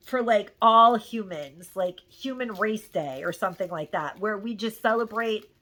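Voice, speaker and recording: Bright, gushing woman haul vlogger. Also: medium pitch. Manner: gushing, rambling, lots of "like" and "um". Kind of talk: casual chatty haul review.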